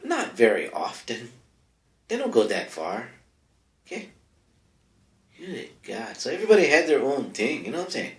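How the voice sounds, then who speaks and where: The host of a comedic advice segment rambles in an offhand way full of asides, his mid-range voice swooping wildly in pitch at a moderate pace with frequent pauses. He sits close to the mic in a small home studio whose bare room echoes.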